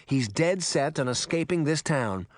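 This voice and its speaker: A man voicing a calm, careful young mother who speaks reassuringly to her daughters, in a storybook reading. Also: fairly high pitch, unhurried, dry recording, studio quality. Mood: serious.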